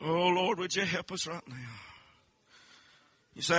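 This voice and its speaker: A man preaching a revival sermon with an altar call, swinging from hushed storytelling to shouted, sing-song pleading. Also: high voice, little pitch movement, a little slow, breathy edge, no room sound. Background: music.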